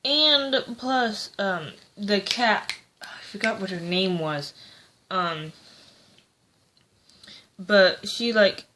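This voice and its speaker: A woman's voice: medium pitch, very slow, pauses often, sharp tone, slight background noise. A woman giving a casual, rambling book review, hesitant and full of fillers.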